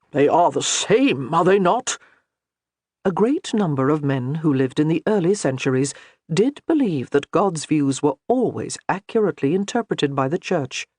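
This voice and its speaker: A man narrating a historical romance audiobook in an expressive storytelling manner. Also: fairly high pitch, husky, no echo, clean studio sound. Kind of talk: scripted narration.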